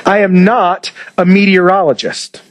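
A man's voice: high voice, little pitch movement, unhurried, muffled recording, a little hiss or hum. A male pastor giving a sermon in a conversational way, asking rhetorical questions and retelling scripture in plain words.

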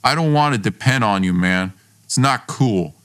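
A man's voice: fairly low pitch, lively intonation, normal speed, a bit bright. A man reading the lines of a hot-tempered, domineering young man in a story podcast, blunt, scornful and swearing. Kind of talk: read dialogue in a story podcast.

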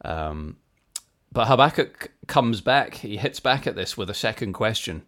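A man's voice: fairly low pitch, expressive, a little slow, a bit bright. A man co-hosting a podcast, explaining Bible facts in a thoughtful, self-deprecating way and laughing easily. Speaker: podcast co-host. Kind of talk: casual chat and Bible teaching.

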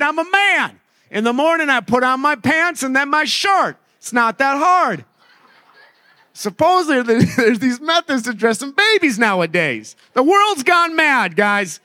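A man doing a squeaky, clueless dad. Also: no room sound, clean studio sound, heavily acted. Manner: comic, incredulous, shouting.

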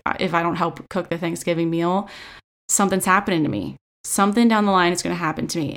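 A young woman giving a casual, profane recap of a reality show, chatty and sarcastic with lots of filler words, recorded on a phone. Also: on the low side. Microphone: phone selfie camera.

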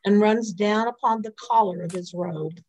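A woman reading psalms and a scripture lesson aloud in a morning prayer service, in a measured, even way. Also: mid-range voice, low-quality recording. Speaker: scripture reader. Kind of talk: liturgical responsive reading.

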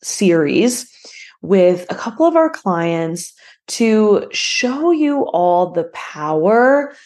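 A woman's voice: medium pitch, sing-song, very slow, darkish tone. Emotional, rambling woman podcast host. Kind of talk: casual podcast intro.

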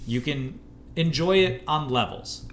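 Man, bright sharp voice, podcast co-host, animated, teasing, laughs easily, faint background noise. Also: on the high side, a little slow. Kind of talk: casual chat over beers.

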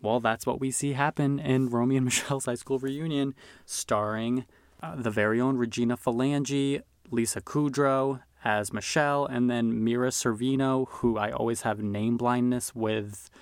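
A man's voice: mid-range voice, steady tone, moderate pace, clear, resonant tone, no room sound, studio quality. Chatty man reviewing films. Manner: chatty, enthusiastic, filler-heavy. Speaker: podcast host reviewing films. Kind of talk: casual chat.

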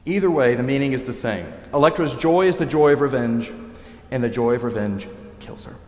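A man preaching a sermon, telling a story in a lively way and acting out the characters' lines. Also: medium pitch, brisk. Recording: echoey hall.

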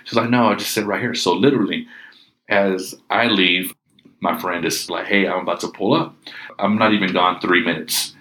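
A man's voice: deep voice, moderate pace, slight background noise. A middle-aged man casually telling a personal ghost story, acting out what people said. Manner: animated, acts out quoted speech.

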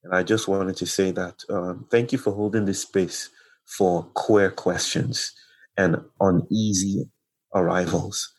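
Husky deep-voiced man, slow and meditative. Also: fairly even intonation. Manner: slow, meditative, poetic phrasing. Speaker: podcast guest. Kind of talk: reflective conversational storytelling.

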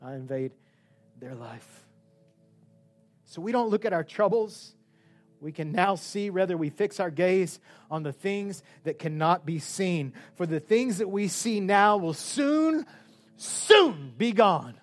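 A man preaching a sermon with passion, swinging between loud outbursts and hushed, quiet stretches. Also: high-pitched, animated, slow. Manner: impassioned, swinging from shouts to hushed tones.

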